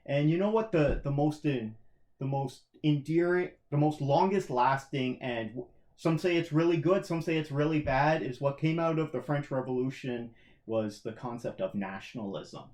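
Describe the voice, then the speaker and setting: A man's voice: on the high side, darkish tone. A man co-hosting a casual movie podcast, chatty and joking as he talks through a trailer. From Canada. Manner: chatty, jokey, does quick mock voices. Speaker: podcast co-host. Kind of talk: casual chat about movies. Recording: roomy echo.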